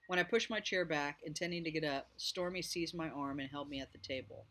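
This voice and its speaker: Bright-voiced man reading a novel. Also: fairly high pitch, brisk, few pauses. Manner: lively, voices each character. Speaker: audiobook reader.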